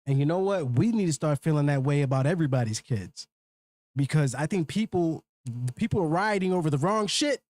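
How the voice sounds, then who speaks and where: A man's voice: fairly high pitch, animated, a little fast, a little mellow. A man hosting a live stream, ranting off the cuff with heavy swearing and rambling fillers. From Minnesota. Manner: heated, profane, rambling with filler words. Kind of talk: unscripted livestream rant.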